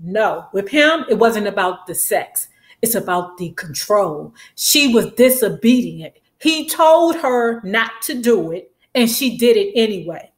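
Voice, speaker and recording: A woman giving a sassy, slangy, animated recap of a TV episode. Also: medium pitch, measured pace. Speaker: show recap host. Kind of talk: casual recap commentary. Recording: echoey room.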